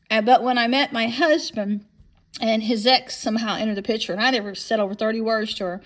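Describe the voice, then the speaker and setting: A woman in her fifties delivers a long personal story as a monologue, rambling and frequently repeating or restarting her words. Her voice is a little high.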